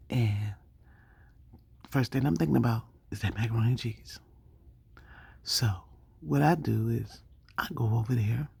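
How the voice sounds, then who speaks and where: Low raspy woman telling a story, really animated, dry close sound. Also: dry recording. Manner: animated, acts out quoted dialogue. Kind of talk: casual storytelling.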